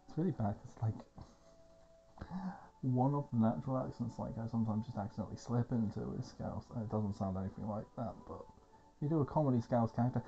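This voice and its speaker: A man's voice: medium pitch, steady tone, a little fast, dark tone, husky, dull audio. A man from England giving casual, rambling gameplay commentary, self-mocking and sweary. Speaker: streamer playing a game.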